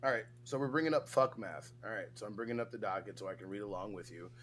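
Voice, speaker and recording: A man co-hosting a casual livestream chat, loud and profane, with exaggerated reactions while reading news items aloud. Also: lowish voice, fast, a little hiss or hum. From United States. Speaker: co-host.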